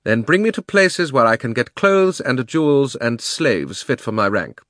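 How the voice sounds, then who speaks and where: A cold, imperious witch queen hands out orders with slow, scornful menace, as a man puts her on. The voice is lowish and recorded dry and close, a storybook reading. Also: big pitch swings, a bit bright, no room sound, full character voice. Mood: commanding. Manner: commanding, scornful, slow and deliberate.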